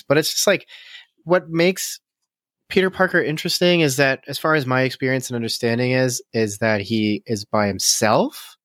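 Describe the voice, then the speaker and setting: A podcast co-host reflects on a movie in casual conversation, thoughtful and halting. His voice is medium in pitch with fairly even intonation and a fairly bright tone, recorded dry in a clean studio.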